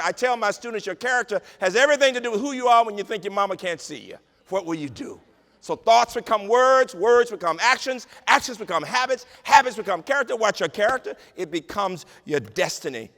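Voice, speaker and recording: A man giving an inspirational keynote speech in a large conference hall, with a rhythmic, repetitive cadence that drops to a hush in tender moments. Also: sits high, expressive, a little fast. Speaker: keynote speaker, university president. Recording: long hall reverb over a PA.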